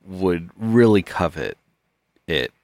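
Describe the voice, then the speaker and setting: A man co-hosting a comedy podcast, joking with mock solemnity in a deadpan manner. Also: low voice, slow, dry recording. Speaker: podcast co-host. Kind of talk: casual comedic chat.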